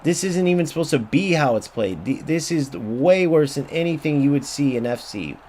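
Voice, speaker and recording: A man's voice: fairly high pitch, expressive, normal speed, a little mellow, slight background noise. A man giving ranting gameplay commentary, angry and profane, repeating himself and mocking other players. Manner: mocking voice when quoting others. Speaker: gaming YouTuber.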